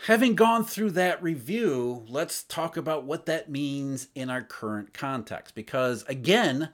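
A man giving solo market commentary, emphatic, asking rhetorical questions as he explains. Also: a little slow. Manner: emphatic, rhetorical questions, lively swings in pitch and loudness. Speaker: financial commentator.

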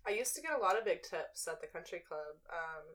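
A woman's voice: on the low side, lively intonation, a little fast, fairly bright tone. A young woman from Missouri, a bartender guest chatting casually on a podcast, laughing often and saying "like" a lot. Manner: chatty, laughing, peppers speech with "like".

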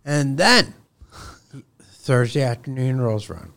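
A man's voice: medium pitch, a little slow. Heated, profane man telling a job story. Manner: heated, profane, acts out both sides of phone calls. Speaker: contractor guest. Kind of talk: casual podcast storytelling.

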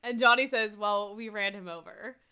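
A woman's voice: medium pitch, moderate pace, bright, forceful tone, smooth. A woman chatting casually as a podcast co-host, recapping a TV episode, laughing often and acting out the characters' lines.

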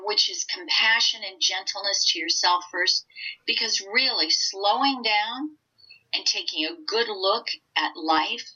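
An older woman coaching on mind and body, talking gently and earnestly in a casual interview. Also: medium pitch. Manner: gentle, earnest, speaks from the heart. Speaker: oncology coach, guest. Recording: dull lo-fi remote audio.

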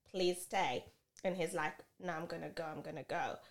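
A woman co-hosting a casual podcast, telling a story with animated delivery and acting out both sides of an argument. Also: low-pitched, fast talker. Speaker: podcast co-host.

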